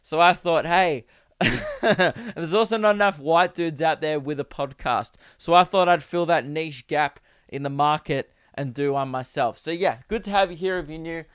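Young Australian guy hosting a podcast solo, rambling and crude, laughs a lot, a bit high-pitched, clean dry sound. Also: moderate pace, fairly bright tone, clean tone, no echo. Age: 20s. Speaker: podcast host. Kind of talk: casual solo podcast chat. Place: home recording setup.

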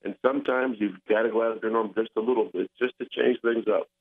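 An older male caller argues his case with passion and insistence. His voice sits fairly low. It comes through a tinny phone line. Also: steady tone, quick pace.

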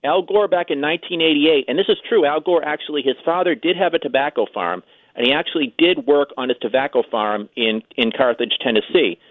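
A man's voice: a little high, dry recording. A man as a guest political commentator on a radio talk show, speaking casually with many fillers over a phone line. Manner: quick, chatty, many fillers. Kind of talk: radio call-in interview. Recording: tinny dry phone line.

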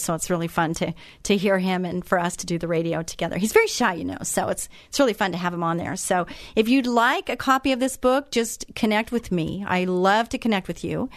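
A woman's voice: lowish voice, dry recording, clean studio sound. A middle-aged woman hosting a radio talk show, chatting casually with many fillers and restarts.

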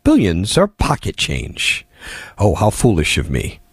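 A man hosts a talk radio show and answers listener texts with sardonic, exasperated remarks. His pitch swings widely as he talks. His voice sounds dry and close, with no room echo. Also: wildly swooping pitch, unhurried, breathy edge.

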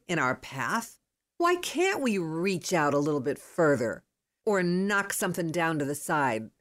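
A woman in her fifties hosts a podcast in a low voice that swings widely up and down. She rambles from thought to thought in an excitable, emphatic monologue full of motivational urging. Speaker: podcast host.

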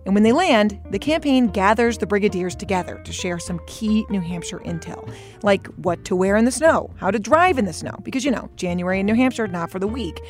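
A woman's voice: medium pitch, expressive, fairly quick, soft background music. A woman hosting and narrating a documentary podcast in a wry, conversational tone. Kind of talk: scripted narration.

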